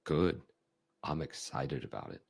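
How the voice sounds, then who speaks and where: A man hosting a podcast, talking through ideas in a conversational coaching style, acting out emotions with big shifts in tone. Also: measured pace. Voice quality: deep gravelly husky voice. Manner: animated, acts out emotions with big swings in tone. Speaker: podcast host.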